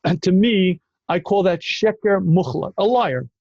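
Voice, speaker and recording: A man hosting a call-in Q&A as a rabbi, emphatic and quick to cut in with repeated phrases. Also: high voice, animated, a little mellow, no room sound, muffled recording. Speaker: rabbi answering callers. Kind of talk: call-in Q&A talk.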